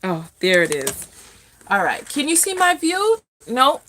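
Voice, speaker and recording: A woman's voice: a little high, wildly swooping pitch, a little slow, fairly bright tone, slight background noise. A woman hosting a casual live stream from home, chatting with viewers, reading their comments aloud and laughing often.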